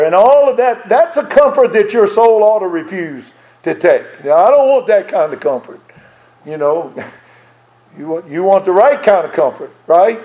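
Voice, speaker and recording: A man's voice: sits high, lively intonation, normal speed, dark tone. A man preaching a sermon in an earnest way, repeating phrases and asking his listeners direct questions. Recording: dull lo-fi recording.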